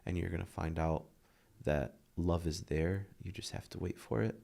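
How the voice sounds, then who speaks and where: A man's voice: low-pitched, normal speed, creaky, warm tone. A man in his thirties, a guest speaking earnestly and emotionally about his struggles, often dropping to a near whisper. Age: 30s. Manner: earnest, heartfelt, drops to a near whisper at tender moments. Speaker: podcast guest. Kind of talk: emotional interview talk.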